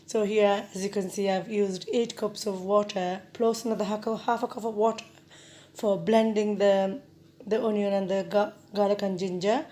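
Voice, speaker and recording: A woman hosting a casual home cooking tutorial with a croaky voice from a sore throat, chatty and repeating herself with many ums. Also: medium pitch, fairly even intonation, normal speed, warm tone. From Bangladesh.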